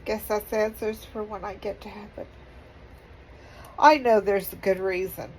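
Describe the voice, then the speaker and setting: A middle-aged woman vlogging, halting and apologetic, crying as she speaks. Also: medium pitch, fairly even intonation, slight background noise, poor audio. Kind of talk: emotional personal vlog.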